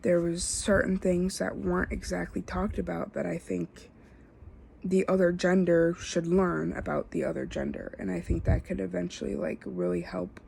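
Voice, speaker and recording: Young female student, low and gravelly, stumbling through an informal self-assessment with light hiss behind. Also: fairly even intonation, mellow. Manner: halting, filler-heavy, self-correcting. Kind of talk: casual spoken self-assessment.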